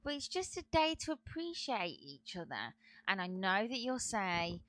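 A woman's voice: mid-range voice, big pitch swings, normal speed, a bit bright, no room sound. An English woman, producer and co-host, chatting casually and teasing. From England. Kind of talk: casual chat.

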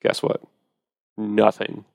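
A man's voice: slow, a little mellow, no echo, studio quality. A man hosting a podcast, chatting casually and animatedly about wine, with profane storytelling. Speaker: podcast host.

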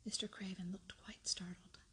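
A woman reading a story aloud in a soft, unvoiced whisper, as whispered role-play. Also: medium pitch, level tone, moderate pace, slightly rough. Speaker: audiobook reader.

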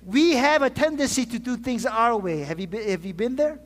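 A man's voice: very high-pitched, lively intonation, a little fast. A man pastor preaching a sermon to his congregation, asking for call-and-response amens and often restarting his phrases. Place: church sanctuary. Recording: long reverb of a large hall.

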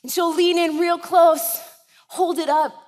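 A woman pastor in her thirties with a high voice, preaching a sermon in a chatty style and asking the congregation to agree as she goes. Her voice carries the long reverb of a big church sanctuary. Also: steady tone, measured pace, a little mellow. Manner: conversational preaching, checks in with the congregation.

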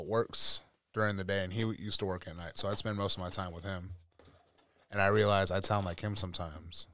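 In clean studio quality with no echo, a young man with a lowish, clear, resonant voice chats casually as a podcast guest. He brings his stories to life by imitating his family's voices.

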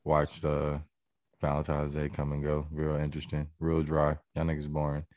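A man's voice: a bass voice, completely flat delivery, moderate pace, a little mellow, no echo, studio quality. A man co-hosting a casual chat, laid-back and rambling. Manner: laid-back, rambling, laughs between thoughts.

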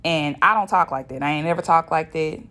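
A woman's voice: sits low, a little fast, bright, forceful tone. A woman, hosting a podcast as a blunt, profane solo monologue. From Shreveport, Louisiana, US. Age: 30s. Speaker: podcast host.

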